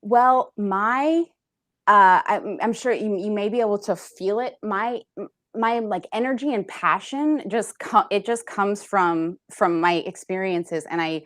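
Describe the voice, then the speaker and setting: A woman's voice: mid-range voice, unhurried, a bit bright, no echo, studio quality. A woman who works as a personal trainer, talking earnestly in a casual interview, often laughing and acting out what people said. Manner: earnest, laughing, acts out quoted voices. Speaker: personal trainer, podcast guest.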